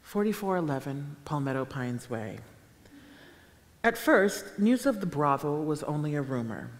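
A woman author reading her own fiction aloud at a public event, with a measured, deadpan delivery. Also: sits low. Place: town hall auditorium with a live audience. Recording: echoey live hall sound.

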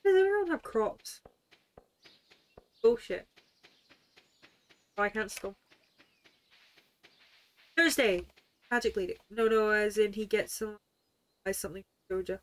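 A woman's voice: medium pitch, fairly even intonation, measured pace, long pauses, a bit bright. A young woman streaming a video game live, giggling, swearing freely and chattering to herself as she plays.

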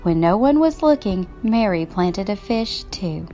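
A woman reading a children's picture book aloud, telling the story in an expressive, gently paced way. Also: medium pitch, unhurried, soft background music. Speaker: storybook reader.

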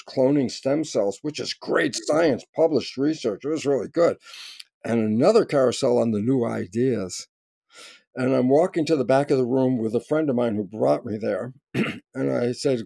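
An older man, a scientist, telling a story in conversation with lively energy, acting out quoted voices and rising to near shouts. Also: medium pitch, vocal fry, no room sound. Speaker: guest scientist.

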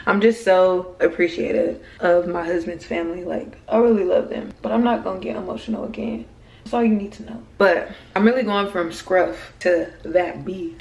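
A woman's voice: fairly low pitch, recorded from a distance. Chatty young woman in a roomy room. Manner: rambling, chatty, slangy, talks straight to viewers. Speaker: vlogger. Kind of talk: casual chat to camera. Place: at home. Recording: roomy echo in a home room.

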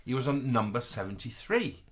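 A man's voice: medium pitch, big pitch swings, moderate pace. A man co-hosting a live stream, chatting casually and telling gossipy stories. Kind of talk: casual chat.

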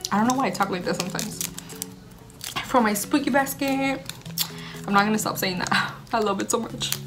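A young woman talks fast in a mid-range voice on a casual home vlog, gushing and chatty as she tastes food. She's bubbly and mixes Spanish words into her talk, with music in the background.

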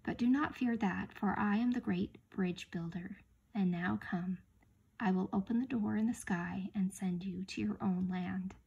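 A woman voicing a wise, gentle male lion in a husky, breathy whispered role-play. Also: medium pitch, highs cut off. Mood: gentle solemn. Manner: slow, tender, solemn.

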